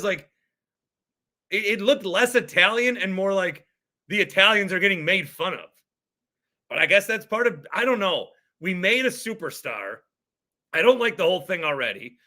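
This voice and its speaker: Worked-up bright-voiced male sports host. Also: sits high, lively intonation, normal speed, pauses often. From Wisconsin. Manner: worked-up, exasperated ranting. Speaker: podcast host. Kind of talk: sports talk rant.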